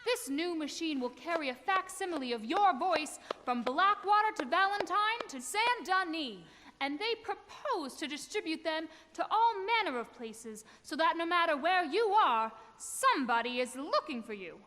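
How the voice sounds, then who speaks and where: An actress playing a witty, saucy stage singer, with wry spoken patter between ragtime verses. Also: female voice, extremely high pitch, big pitch swings, normal speed, pushed and bright, in a large hall, slight background noise, exaggerated voice. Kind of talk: game character performance.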